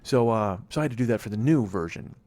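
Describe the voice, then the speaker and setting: This solo podcaster, a man in his forties, talks quickly in a lowish, darkish voice with lively intonation. He rambles through a casual monologue, swearing and making fun of himself.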